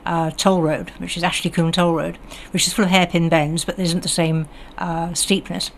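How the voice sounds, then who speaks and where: An older woman from England's West Country, speaking in a southern English received pronunciation accent, is a guest on local radio. Her fairly low voice is flat and moderately paced, with slight hiss or hum, and her casual, chatty talk is full of ums and restarts.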